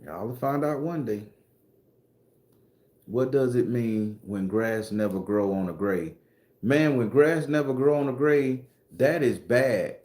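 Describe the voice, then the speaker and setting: A man's voice: medium pitch, slow, darkish tone, roomy sound. A man from Florida, hosting a casual livestream chat with loose, profane slang and jokes. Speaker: host and spooky storyteller.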